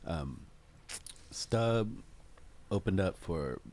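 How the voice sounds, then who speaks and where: A man's voice: deep voice, lively intonation, drawn-out words, a little mellow. A man guesting on a podcast, recalling his band days in rambling, profane casual chat.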